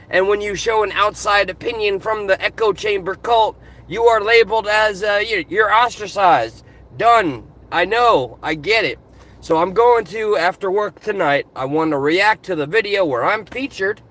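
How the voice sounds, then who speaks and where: A man's voice: high voice, sharp tone. A man vlogging from his car into a phone, ranting passionately and animatedly in casual commentary. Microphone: phone camera.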